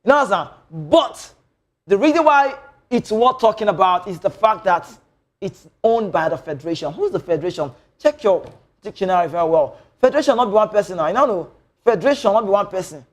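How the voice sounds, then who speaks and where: Nigerian male sports presenter, high voice, rambling and opinionated, slips into Pidgin. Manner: mixes Nigerian Pidgin into English, animated and rambling. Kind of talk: opinionated football news commentary.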